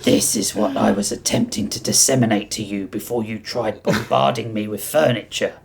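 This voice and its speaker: A man's voice: fairly low pitch, steady tone, normal speed, creaky, slight background noise. A man voicing a fierce young female prisoner in a put-on, vaguely Russian accent, speaking formally. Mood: cold.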